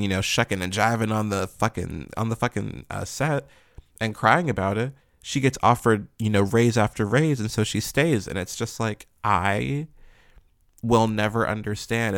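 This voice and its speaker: A man's voice: lowish voice, a bit bright, clean tone, no echo, studio quality. A man ranting in blunt, profane commentary, full of fillers and rhetorical questions. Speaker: commentary vlogger.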